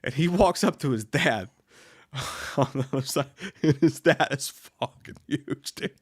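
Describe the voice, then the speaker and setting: A man's voice: mid-range voice, unhurried, slightly rough, no echo, clean studio sound. A man co-hosting a casual live stream, reading viewer comments aloud and telling stories with animation and plenty of swearing. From United States. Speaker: podcast co-host reading chat.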